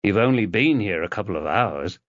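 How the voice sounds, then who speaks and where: A man's voice: lowish voice, expressive, fairly quick, a bit bright, dry recording. Man playing a terse, tense detective. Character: tense male detective, protective husband. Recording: dull lo-fi audiobook recording.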